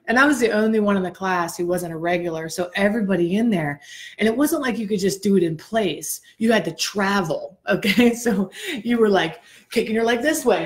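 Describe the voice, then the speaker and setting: A woman co-hosting a podcast, telling a story in a chatty, animated way and addressing listeners directly, a little out of breath. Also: medium pitch, normal speed. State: slightly out of breath. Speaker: podcast co-host. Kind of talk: casual storytelling chat.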